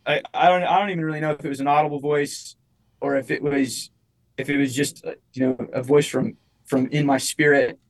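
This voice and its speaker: A man's voice: a little high, poor audio. Rambling young man telling a story. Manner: rambling, full of "like" and restarts. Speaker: musician guest. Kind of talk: casual storytelling interview.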